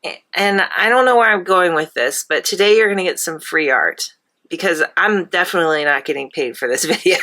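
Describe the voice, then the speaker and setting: A woman's voice: fairly low pitch, a little fast, pushed and bright. A woman artist chatting while she paints, with a nasal voice and a cold coming on, laughing often and rambling. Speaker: artist and channel host. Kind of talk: casual chat while painting.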